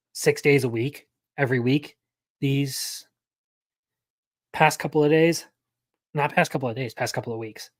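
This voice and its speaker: There's no echo on this mid-range male voice. A young man rambles casually through a live anime news stream, correcting himself mid-sentence again and again.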